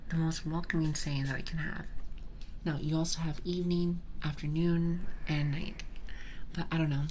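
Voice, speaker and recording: A woman's voice: sits low, level tone, normal speed, darkish tone, a little hiss or hum, poor audio. A young British woman streaming ASMR, chatting casually and giggling as she greets her chat by name. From Britain.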